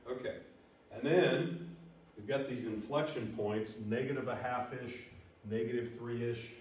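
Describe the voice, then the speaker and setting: A man with a darkish, medium-pitched voice teaches a math lesson casually at a measured pace, his intonation fairly even as he thinks aloud and counts off numbers while plotting points. He sounds far off in a very echoey room, with slight background noise and faint music.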